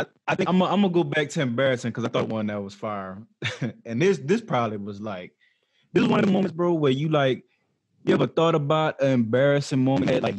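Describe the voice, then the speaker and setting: A man's voice: mid-range voice, darkish tone, dry recording. A young man hosting a podcast, telling a story in a laid-back, slangy way. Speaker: podcast host. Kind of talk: casual chat.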